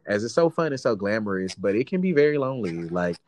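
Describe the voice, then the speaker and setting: A man's voice: lowish voice, sing-song, quick pace, a little mellow, no room sound. A young adult man co-hosting a podcast, talking earnestly in slangy casual chat. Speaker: podcast co-host.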